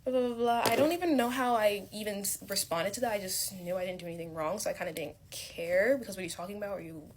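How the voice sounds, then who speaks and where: A woman's voice: mid-range voice, fast. Young woman doing a story time, rambly, lots of likes and ums, noisy background. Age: young adult. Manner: rambling, filler-heavy, animated retelling.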